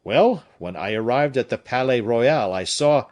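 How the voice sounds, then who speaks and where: A man's voice: medium pitch, lively intonation, unhurried, a little mellow, dull audio, close to an everyday voice. A man doing a breathless messenger friend. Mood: hurried. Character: breathless male friend bringing news.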